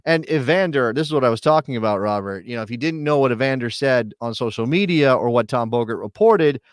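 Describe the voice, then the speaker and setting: A man's voice: medium pitch, no room sound, studio quality. A man hosting a live sports talk show, chatty and joking, with many fillers and restarts. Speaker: podcast host.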